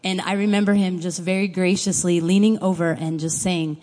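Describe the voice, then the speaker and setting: A woman's voice: on the low side, steady tone, fairly quick, few pauses, darkish tone. Woman preaching in an echoing hall. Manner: conversational, earnest teaching. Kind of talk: sermon with scripture reading. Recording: long hall reverb.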